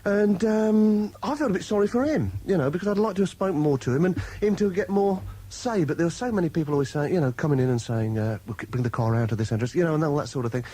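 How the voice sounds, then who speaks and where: This radio presenter from a rough 1980s broadcast has a higher voice and talks fast with few pauses. He's animated as he recounts a long anecdote in casual chat, laughing along and performing different voices.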